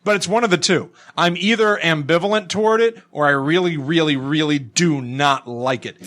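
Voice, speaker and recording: A young adult man co-hosting a podcast, talking through a book in casual, animated chat and slipping into quoted voices. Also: on the high side. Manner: animated, quick asides, bursts into quoted voices. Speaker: podcast co-host.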